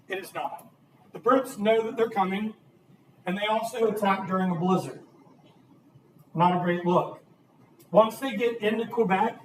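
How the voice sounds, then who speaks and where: A man's voice: sits high, slight background noise. A man teaching a history class, lecturing with energy and asking his students questions. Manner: lively, asks the class questions. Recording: roomy, distant classroom recording.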